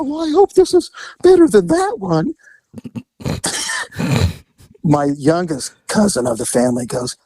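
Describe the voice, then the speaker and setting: Animated man telling a story. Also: no room sound, poor audio. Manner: animated storyteller, acts out quotes in high voices. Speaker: podcast co-host. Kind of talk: casual storytelling chat.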